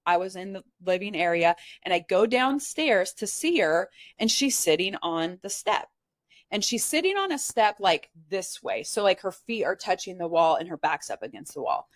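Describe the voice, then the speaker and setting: An earnest woman from Nebraska, telling a personal story as a podcast guest. Her pitch sits in a middle range and she talks openly, with lots of "like" fillers. The recording is close and dry, with no room echo. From Nebraska, USA. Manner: earnest, candid, heavy use of "like" as filler.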